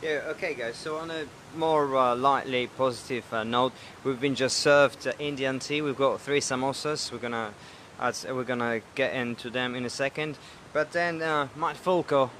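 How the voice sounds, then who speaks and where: A man hosts a relaxed live show from a restaurant, chatting and reading out viewer questions with plenty of fillers. His mid-pitched voice carries a little restaurant noise behind it. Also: moderate pace, hardly any pauses. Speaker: show host. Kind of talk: casual livestream hosting. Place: Indian restaurant.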